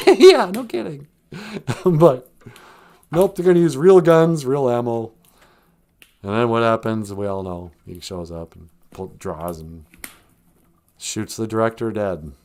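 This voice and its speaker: A man's voice: mid-range voice, lively intonation, slow, pauses often, darkish tone. A man hosting a comedic livestream podcast, joking and laughing often. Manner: joking, laughs often, slips into silly voices. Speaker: podcast host.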